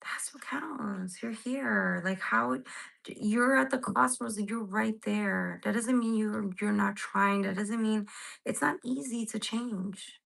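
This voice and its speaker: A woman's voice: mid-range voice, steady tone, slow, gravelly, fairly bright tone, poor audio. A woman reading tarot cards live for her viewers, rambling and emotional, near tears, swearing casually as she talks to them directly. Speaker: tarot reader.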